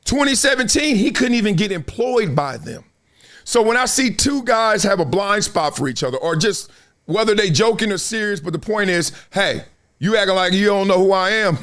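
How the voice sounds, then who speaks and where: A man's voice: high-pitched, big pitch swings, moderate pace, a bit bright. A middle-aged man hosting a podcast, talking in laid-back slang about sports figures. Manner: laid-back slangy talk, breaks into freestyle rap. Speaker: podcast host. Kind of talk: casual commentary.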